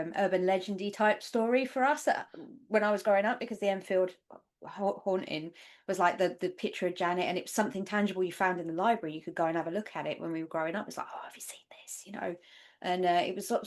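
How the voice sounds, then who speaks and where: A woman from England with a London accent, a podcast guest telling stories in casual, animated chat. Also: on the low side, fast. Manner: animated storyteller, swears freely.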